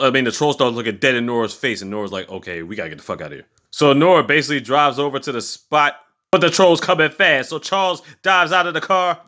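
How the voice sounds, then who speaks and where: Man, bright forceful voice, casual movie recap, profane slangy storytelling. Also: medium pitch. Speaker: movie reviewer.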